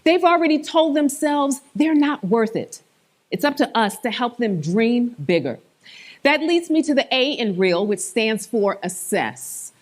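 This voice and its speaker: A woman giving a motivational conference presentation on stage, with emphatic, animated inflection. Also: on the high side, a little slow. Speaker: conference speaker.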